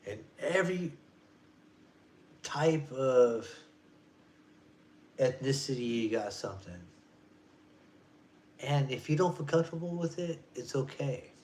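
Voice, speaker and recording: A man's voice: medium pitch, animated, takes it slowly, long pauses, darkish tone, a little hiss or hum. A man in his forties ranting casually on a vlog, rambling and profane, in loose street slang. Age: 40s. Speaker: vlogger. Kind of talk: casual rant.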